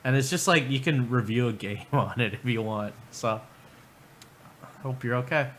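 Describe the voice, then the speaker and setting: A man's voice: mid-range voice, moderate pace, a bit bright, a little hiss or hum. A man hosting a livestream, commenting casually with profane, sarcastic remarks. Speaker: livestream host.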